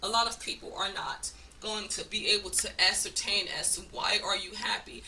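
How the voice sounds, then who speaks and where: A woman's voice: mid-range voice, steady tone, moderate pace, pushed and bright, distant mic, a little hiss or hum. A woman giving a casual oracle card reading, blunt and profane, with frequent laughs. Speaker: spiritual card reader.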